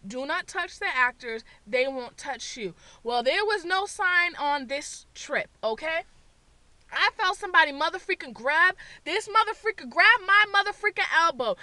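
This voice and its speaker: A woman beauty vlogger tells a story from her car in a bright, piercing voice that swoops high and low. She curses freely and loudly acts out her own screaming. The sound is close and dry, with no room echo. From Boston area, USA. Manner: loud, swears a lot, acts out her screams. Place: parked car.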